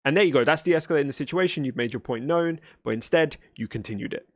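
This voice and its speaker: A man's voice: on the high side, fast talker, no echo, studio quality. A man reacting to a video, arguing back in a blunt, exasperated, lecturing way. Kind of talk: argumentative reaction commentary.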